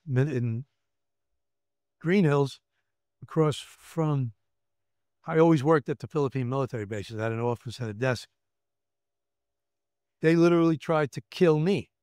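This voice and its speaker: A man's voice: mid-range voice, a little mellow, smooth, dry recording, studio quality. A man in his seventies with a New York accent, a retired federal agent telling his story in a candid interview, emphatic and repeating words. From Brooklyn, New York. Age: 70s. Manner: emphatic, acts out quoted voices, repeats words.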